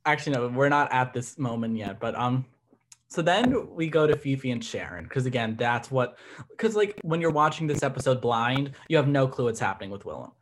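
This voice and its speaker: A man's voice: mid-range voice, animated, brisk, slight background noise. A man co-hosting a podcast, chatting casually as he recaps a TV episode, with lots of "like" fillers. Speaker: podcast co-host.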